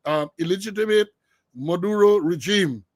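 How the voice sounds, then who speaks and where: A man's voice: high-pitched, expressive, normal speed, no echo. An older man with a Caribbean English accent hosting an online talk show, joking and laughing as he tells a long story. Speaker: host. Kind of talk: casual commentary.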